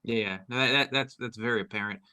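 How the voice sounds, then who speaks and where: Male player, piercingly bright voice, stammering, dry. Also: medium pitch, fairly even intonation, fast talker, clean tone, dry recording. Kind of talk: casual tabletop play.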